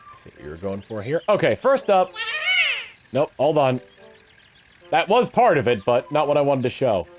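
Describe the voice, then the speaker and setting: A man's voice: mid-range voice, very animated, normal speed, a little mellow, faint music behind. A young man talking casually on a game livestream, rambling with lots of fillers and restarts. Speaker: game streamer.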